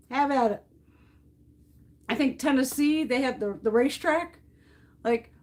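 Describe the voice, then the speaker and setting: A middle-aged woman from the United States runs a makeup livestream where she depots products and chats casually, ranting bluntly and cursing often. She speaks at normal speed in a high-pitched voice.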